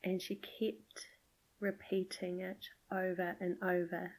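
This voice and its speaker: A middle-aged woman hosting a podcast, gently telling a personal story in a soft, often half-whispered voice. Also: fairly low pitch, level tone, slow, low-quality recording. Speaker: podcast host.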